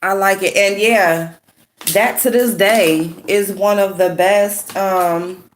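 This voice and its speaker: A woman with a sick, hoarse voice chatting casually with viewers while doing her makeup, greeting them by name and gossiping. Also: medium pitch, fairly even intonation, slow, slight background noise. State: sick, hoarse voice with a runny nose. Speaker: YouTube commentary host.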